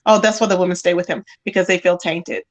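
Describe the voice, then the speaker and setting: A woman's voice: lowish voice, quick pace, dull audio. A woman hosting a livestream, chatting casually and animatedly about celebrity gossip, calling people "child". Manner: animated, calls listeners "child". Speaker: livestream host.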